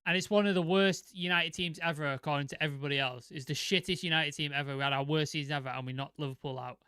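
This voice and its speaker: Bright, excitable sweary man. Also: a little high, quick pace, clear, resonant tone, no echo, studio quality. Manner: excitable, swears a lot, vivid comparisons. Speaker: football podcast co-host. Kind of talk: casual sweary football chat.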